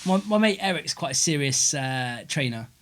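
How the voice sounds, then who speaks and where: A man's voice: on the high side, expressive, normal speed, a bit bright, slight background noise. A man, a comedian co-hosting, telling gym stories in casual banter and laughing often. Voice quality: laughs often, chatty, acts out quotes. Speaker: comedian co-host.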